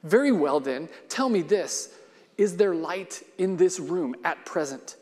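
A man reading aloud as an earnest, frustrated man who was born blind and now demands answers. His voice sits fairly high and carries a long, ringing hall reverb. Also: animated, measured pace, darkish tone. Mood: pressing. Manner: pressing, insistent questions.

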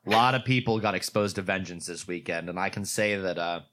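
A man's voice: low-pitched, brisk. A man from Pittsburgh telling a convention story in casual chat, profane, acting out other people's lines. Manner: animated, profane, acts out quotes in raised voice.

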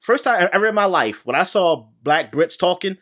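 Lively, animated man in casual chat. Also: high-pitched, normal speed. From not British. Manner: animated, laughs often, many restarts. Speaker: podcast co-host.

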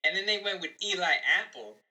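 A man's voice: sits high, animated, fast, pushed and bright, low-quality recording. A man who writes about sports, co-hosting a podcast and talking in a chatty, self-assured, rambling way. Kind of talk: casual sports chat.

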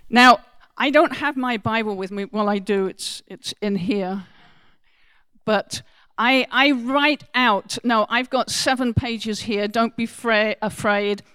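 A woman preaching a sermon to a congregation, earnest and emphatic, moving from soft asides to loud exclamations as she talks about scripture. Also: medium pitch, slow, smooth, no room sound.

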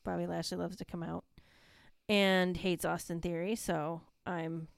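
A woman's voice: on the low side, level tone, measured pace, vocal fry, no echo, clean studio sound. A woman co-hosting a podcast in a casual, rambling chat, laughing often. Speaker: podcast co-host.

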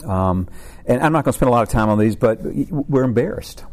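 A man's voice: mid-range voice, lively intonation, a little fast, darkish tone. A man, a counselor speaking informally to a support group, rambling and stammering with jokes.

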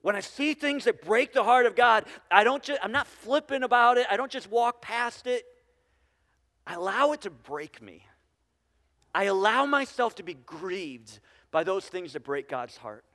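A man's voice: sits high, fairly bright tone. A man preaching a sermon to a congregation, talking conversationally with restarts and frequent tag questions. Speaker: pastor. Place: church sanctuary with congregation. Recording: church hall reverb.

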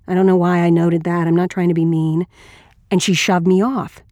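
A woman's voice: fairly low pitch, flat delivery, normal speed, darkish tone, no echo, studio quality, close to an everyday voice. A woman reading an audiobook as a blunt, wry, crude male ex-Marine narrator.

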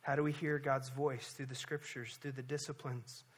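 A man pastor delivering a sermon at a church service, impassioned, swinging between hushed and loud emphasis and repeating words for weight. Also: medium pitch, little pitch movement, moderate pace.

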